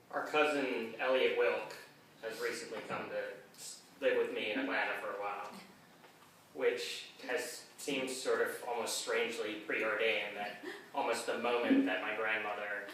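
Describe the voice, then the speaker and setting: A young man giving a measured eulogy for his grandmother in a funeral chapel. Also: lowish voice, level tone, a bit bright. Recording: echoey chapel, distant mic, faint noise.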